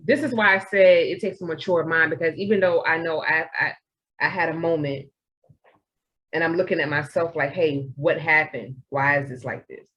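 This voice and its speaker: A young woman, co-hosting a podcast in casual chat, animated and acting out her own inner voice. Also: low-pitched, moderate pace, dull audio. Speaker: podcast co-host.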